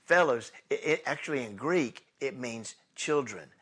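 A man preaching a sermon in a casual, conversational way, swinging between loud bursts and hushed asides as he tells the story. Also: on the high side, expressive, normal speed, hardly any pauses, breathy edge. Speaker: pastor.

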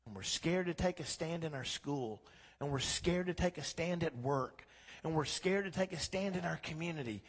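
A man preaching a sermon as pastor, swinging from quiet talk to loud, impassioned exhortation. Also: on the high side, lively intonation, normal speed, husky, in a large hall. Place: church sanctuary.

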